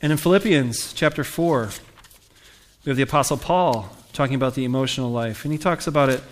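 A male pastor delivers a sermon in a relaxed, conversational manner. He puts questions to the congregation and leans into the scripture he reads aloud, his voice lifting on the verses. His pitch sits in a middle range for a man. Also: brisk.

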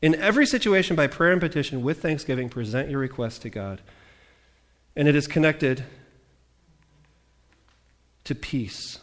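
A man preaching a sermon as pastor, animated, with jokey asides and voices he mimics. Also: a little high, normal speed, long pauses.

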